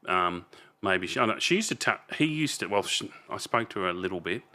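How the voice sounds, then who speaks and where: Sitting low and sounding sharp, this voice is expressive and a little fast. He's an Australian man in his fifties from Melbourne, a podcast guest telling a story casually, bluntly, and with plenty of restarts and the odd swear.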